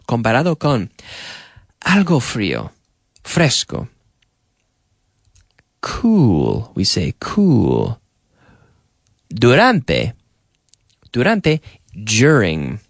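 A man's voice: medium pitch, no echo, studio quality. Give me a man teaching an English radio lesson, with lots of melodic rise and fall, drilling words and answering his own questions. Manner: drills phrases with slow repetition. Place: radio studio.

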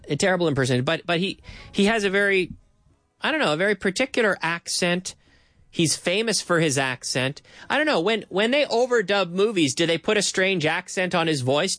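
A man with a slightly raised voice hosts a relaxed English lesson. He explains things slowly, repeats key phrases, and adds Spanish translations. His voice sounds dry, with no room sound. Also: high-pitched, no echo. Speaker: English teacher host. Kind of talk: casual language lesson.

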